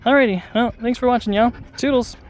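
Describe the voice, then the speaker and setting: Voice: medium pitch, brisk. An adult vlogger talking casually to the camera while out on a dog walk, rambling with lots of fillers and restarts. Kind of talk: casual vlog talk to camera.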